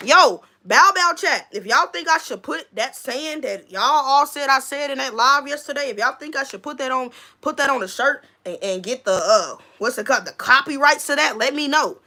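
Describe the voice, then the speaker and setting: This is a woman chatting casually on her own livestream, answering comments as they come in. Her voice is bright and pitched somewhat high. Her delivery is animated and full of slang, and she laughs easily between remarks. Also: fairly quick, hardly any pauses. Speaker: livestream host; school staff member.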